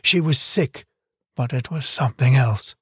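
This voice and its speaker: A man's voice: medium pitch, measured pace, a bit bright, husky, no room sound, clean studio sound. A man voicing a moody, proud twelve-year-old boy in an audiobook, answering curtly and defiantly. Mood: sulky. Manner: curt, sulky, defiant. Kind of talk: audiobook character reading.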